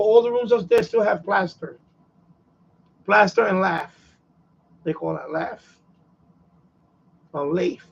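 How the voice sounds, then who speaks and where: A man's voice: high voice, vocal fry, breathy edge, lo-fi sound. A man with a New York accent chatting casually and repetitively on his radio hobby live stream. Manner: repetitive, conversational, chuckles often. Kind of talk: casual rambling chat.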